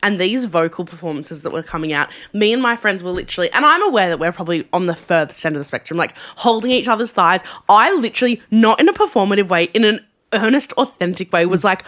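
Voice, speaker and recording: A woman's voice: mid-range voice, lively intonation, quick pace, a bit bright. A young woman co-hosting a podcast, chatting casually and acting out other people's voices as she tells a story. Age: young adult. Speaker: podcast co-host. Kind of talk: casual chat.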